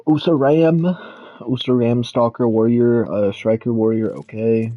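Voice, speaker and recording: A man's voice: medium pitch, unhurried, dry recording, highs cut off. A man giving casual, offhand gameplay commentary, mumbling to himself as he plays. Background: game music.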